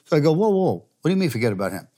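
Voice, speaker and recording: A man's voice: on the high side, rapid-fire. Older man telling a coaching story. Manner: animated storyteller, laughs while telling stories. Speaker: former football coach and CEO, guest. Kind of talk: storytelling interview answers.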